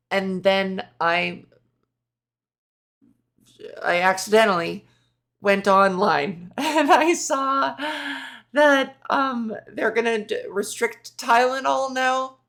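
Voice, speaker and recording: A woman hosts her own podcast in a loose solo rant, swearing freely and sliding into sarcasm. She talks at an unhurried pace. Her voice has a lot of vocal fry. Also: mid-range voice, a bit bright. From Canada. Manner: profane, sarcastic, rambling. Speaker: podcast host.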